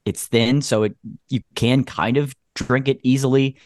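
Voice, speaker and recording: This man co-hosts a laid-back podcast, and here he's talking about a beer with lots of puns, jokes, and laughter. His mid-range voice is a little slow and a little mellow, with fairly even intonation. Slight background noise sits behind him.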